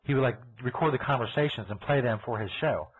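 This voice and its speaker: A man's voice: medium pitch, fast talker, a little hiss or hum. A man hosting a live comedy radio show, rambling and profane as he chats in character, laughing at his own jokes. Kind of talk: rambling comic chat in character. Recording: tinny phone-like lo-fi audio.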